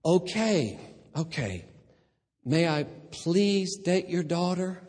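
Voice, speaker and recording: Man doing jittery polite boyfriend, raised pitch, apologetic delivery, big hall echo. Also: lively intonation, slow pace, a little mellow, exaggerated voice. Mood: flustered. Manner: apologetic, timid. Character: nervous polite young male suitor. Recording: long church reverb.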